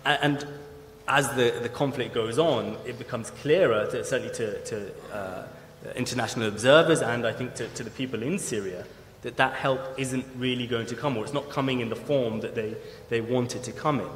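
A man moderating a festival panel, framing questions haltingly with frequent restarts. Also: mid-range voice. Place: large festival hall. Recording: roomy echo and long hall reverb, faint noise.

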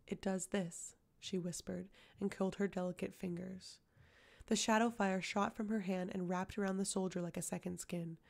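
A woman narrates an audiobook in a steady, unhurried way. Her voice is gravelly with a flat, level melody. She sits at a medium pitch. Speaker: audiobook reader.

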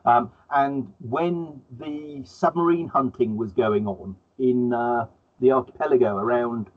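Man, mid pitch, husky, phone-line sound, halting casual talk. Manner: halting, stacks up repeated words. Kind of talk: casual conversation.

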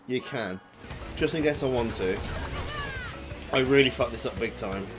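A man giving excitable, swear-heavy let's play commentary, yelling at the game as he plays. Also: medium pitch, unhurried, pauses often. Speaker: gaming YouTuber. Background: game music.

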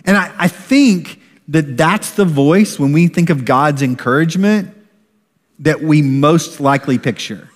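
Male pastor, middle-aged, sermon, fairly high voice, animated delivery, long hall reverb. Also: measured pace. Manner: animated, acts out shouted parent voices. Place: church sanctuary.

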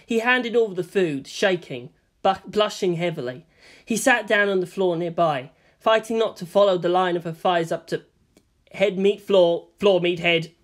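A woman narrating a fan fiction story in an expressive storytelling manner. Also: fairly low pitch, normal speed.

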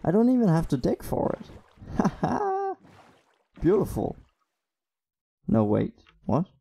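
A young man giving excitable gameplay commentary, swearing constantly and often bursting into laughter. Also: fairly high pitch, moderate pace, creaky, husky. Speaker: gaming YouTuber.

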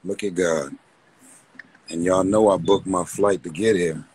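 A man's voice: low voice, fairly even intonation, a little slow, darkish tone. A man hosting a casual phone livestream from a hotel room, talking fervently and repetitively straight to his viewers. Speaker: livestream host.

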